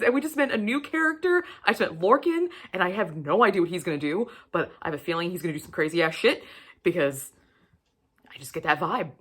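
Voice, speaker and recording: Bright-voiced gushing woman book vlogger. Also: fairly low pitch, brisk. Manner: gushing and animated, with frequent swearing. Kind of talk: casual book review chat.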